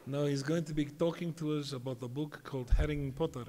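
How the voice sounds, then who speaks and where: A man voicing an elderly, doubtful old-world rabbi who speaks slowly and haltingly. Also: fairly high pitch, steady tone, crowd noise, lightly acted. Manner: slow, halting, with fillers. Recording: reverberant hall, light background noise.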